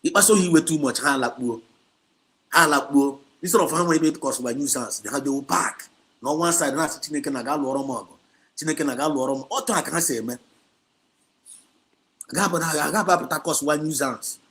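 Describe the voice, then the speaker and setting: A man's voice: a little high, fast talker, fairly bright tone. A man with a Nigerian Igbo accent, hosting a livestream talk, preaching emphatically and scolding, with lots of repetition. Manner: switches between Igbo and English, repetitive and emphatic; exhorting and scolding. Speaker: activist livestream host.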